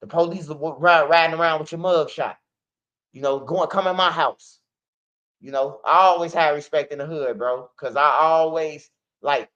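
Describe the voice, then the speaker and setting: A man with a high voice hosts a street news channel. He talks in blunt, profane street storytelling. The recording sounds dull and lo-fi. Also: moderate pace, fairly bright tone. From Chicago. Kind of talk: casual commentary.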